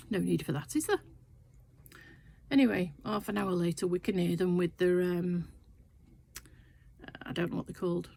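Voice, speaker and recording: A sewing vlogger, an older woman, rambles through a friendly story in her sewing shed, drifting into asides along the way. Her voice is medium-pitched, creaky, and a touch mellow.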